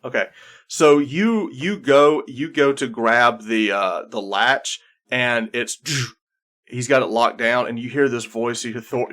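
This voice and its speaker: A man's voice: medium pitch, measured pace, fairly bright tone. A man working as game master, narrating a tabletop game in descriptive second-person with many restarts.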